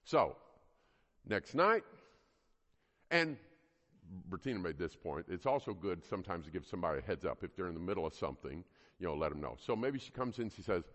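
A man's voice: deep voice, sing-song, a little fast, long pauses, a bit bright. A man teaching a parenting class to a live group, earnest and emphatic, often putting questions to the audience. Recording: long hall reverb.

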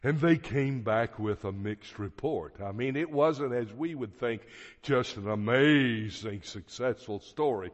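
A man preaching a sermon in a church hall, teaching slowly and deliberately with emphatic phrases. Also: medium pitch. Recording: dull audio with long hall reverb.

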